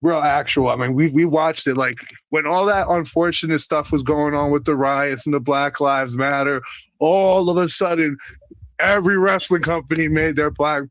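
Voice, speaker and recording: Brief: man from Puerto Rico, wrestler guest, animated and profane storyteller, somewhat high voice, dull dry lo-fi audio. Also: normal speed, dry recording. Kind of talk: casual interview chat.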